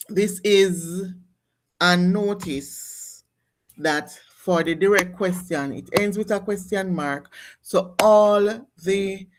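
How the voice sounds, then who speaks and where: A woman's voice: lowish voice, slight background noise. A woman teaching a nursing class in a classroom, explaining step by step with restarts and calling on students. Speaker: nursing instructor. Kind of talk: classroom lecture on exam questions.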